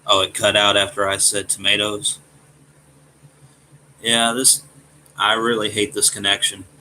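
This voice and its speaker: A man from Alabama with a Southern accent and a gruff voice, casually chatting with his live-stream viewers and often stumbling over his words. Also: lowish voice, monotone, pushed and bright, slight background noise, rough recording. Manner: halting, repeats words and restarts. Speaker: streamer reading chat.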